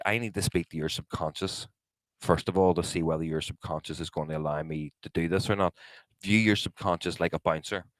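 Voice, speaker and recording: A podcast co-host with a low-sitting voice spins a story in casual chat, heavy on swearing, acted-out quotes and laughter. The poor audio has no echo.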